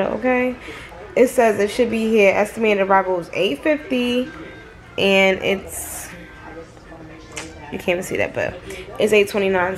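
A young woman vlogging from a hotel room, talking casually and straight to her viewers with lots of slang. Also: medium pitch. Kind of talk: casual vlog chat.

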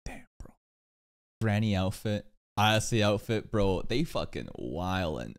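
Male reaction streamer, casual and profane, lively pitch. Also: takes it slowly, vocal fry. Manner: swears loosely, animated.

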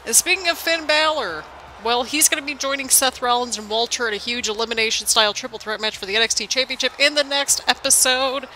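A woman's voice: fairly high pitch, quick pace, pushed and bright, a little hiss or hum. A young woman hosting a gaming channel, chatting casually and rambling as she comments on a wrestling game. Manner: chatty, rambling, laughs often. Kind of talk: casual let's-play commentary.

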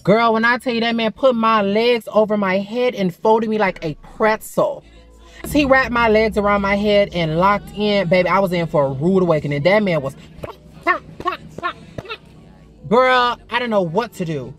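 A woman vlogger spins a frank, profane story-time tale, talking straight to her viewers like a close friend. Her voice sits in an ordinary middle range, with soft music playing faintly behind her. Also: mid-range voice, normal speed. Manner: chatty, frank and profane, calls the viewer "girl" and "baby". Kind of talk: casual story-time vlog.

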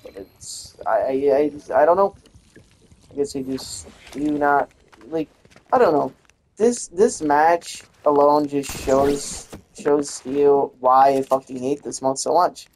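Gaming channel host, female, low register, frustrated swear-heavy play-by-play. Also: takes it slowly, darkish tone, slight background noise. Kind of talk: gameplay commentary.

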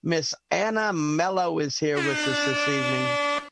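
A man's voice: high voice, big pitch swings, unhurried, gravelly, very noisy. A man hosting an online comedy benefit over a video call, effusive and emotional, laughing often. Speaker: host of a comedy benefit show.

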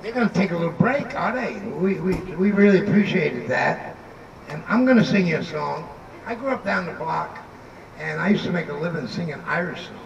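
Gravelly high-voiced man, far and echoey. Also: lively intonation, brisk. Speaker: local singer of Irish songs. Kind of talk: casual remarks to a live audience. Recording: echoey, dull sound from far off with faint noise.

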